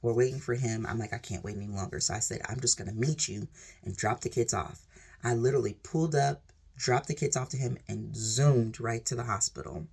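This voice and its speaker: Brief: woman vlogger, rough gravelly voice with a husky edge, rambling earnest testimony. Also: rumbling low, brisk, a little mellow. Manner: earnest, rambling, heavy use of "like" and "literally". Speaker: vlogger sharing a personal testimony. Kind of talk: emotional personal storytelling.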